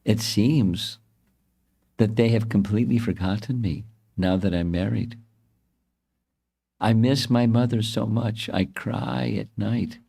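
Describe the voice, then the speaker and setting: A man voicing a young married goddess who longs tearfully for her parents, in a softer, plaintive tone. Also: lowish voice, slow pace, gravelly, long pauses, slightly rough, exaggerated voice. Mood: longing, tearful.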